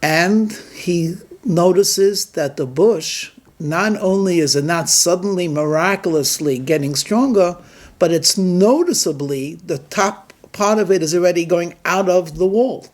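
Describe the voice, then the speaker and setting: A man giving a sermon as a rabbi, telling a story and drawing its lesson in a measured, deliberate way. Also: high voice. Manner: measured, deliberate delivery with emphatic pauses.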